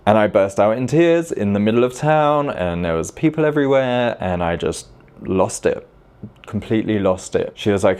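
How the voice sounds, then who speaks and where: A man in his late thirties tells his own story straight to camera in a rather low voice. He speaks in a confessional way and leans on repeated words for emphasis. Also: animated, moderate pace, darkish tone. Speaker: vlogger.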